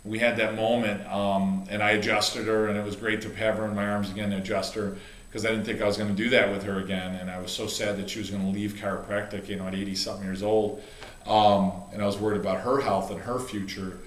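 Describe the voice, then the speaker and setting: A man's voice: lowish voice, level tone, fast, fairly bright tone, reverberant, a little hiss or hum. A middle-aged man, a chiropractor and coach, telling a heartfelt story in a rambling way, with many restarts and fillers. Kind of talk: casual video talk.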